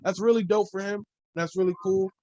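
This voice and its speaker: Man, podcast host, high voice, dry sound, rambling, casual cursing. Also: fairly even intonation, brisk, warm tone, no echo, muffled recording. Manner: loose, rambling, swears freely. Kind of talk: casual solo sports podcast talk.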